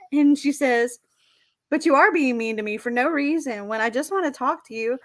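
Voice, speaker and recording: A woman's voice: high-pitched, moderate pace, dry recording. A woman in her forties hosting a casual live chat, reading out text messages and giggling often. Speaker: host.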